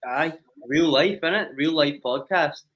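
A young man chatting in a relaxed way and chuckling as a podcast co-host. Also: fairly high pitch, unhurried. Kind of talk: casual chat. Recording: dull lo-fi sound.

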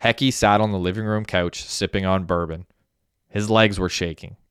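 A man narrating an audiobook in a steady, even reading. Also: low voice, normal speed, clear, resonant tone, dry recording. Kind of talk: scripted narration.

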